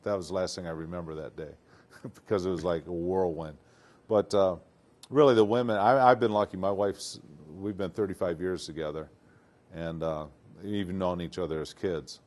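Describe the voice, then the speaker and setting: An older man from Detroit, a retired football player, telling stories in a casual interview, animated and acting out what people said. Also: sits low, normal speed. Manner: animated, acts out quotes, laughs often.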